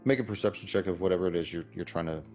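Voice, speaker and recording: A man running a tabletop game as game master, calmly describing scenes to the players. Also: low voice, racing, soft background music.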